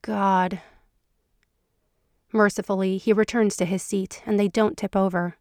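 Soft-spoken woman reading fan fiction. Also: medium pitch, little pitch movement, unhurried, dry recording, clean studio sound. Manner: soft, intimate storytelling. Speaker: podcast narrator.

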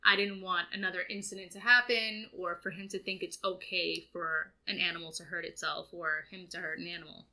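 Brief: thirties woman co-host, bright voice, profane and deadpan-joking. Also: lowish voice, fairly quick, few pauses. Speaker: podcast co-host. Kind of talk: casual chat.

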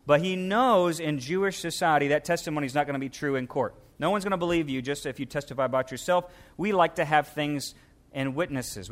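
Emphatic preaching man, slightly high voice. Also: a bit bright. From United States. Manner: emphatic preaching, reading scripture aloud with varied pace. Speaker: pastor. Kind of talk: sermon.

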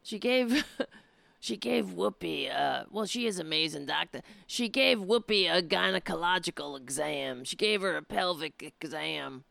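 Woman host, sarcastic commentary, bright voice, dry close sound. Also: on the low side, expressive, measured pace, creaky, dry recording. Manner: mocking, blunt, profane.

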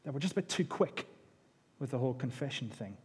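A man's voice: mid-range voice, lively intonation, a little fast, slightly rough. A man preaching a sermon in a conversational, self-deprecating way, often repeating his words. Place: church hall. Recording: long echo of a large hall.

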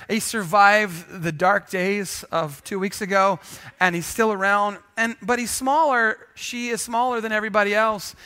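A man preaching in church as pastor, telling a jokey story with sudden loud bursts. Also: high-pitched. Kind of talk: sermon with storytelling.

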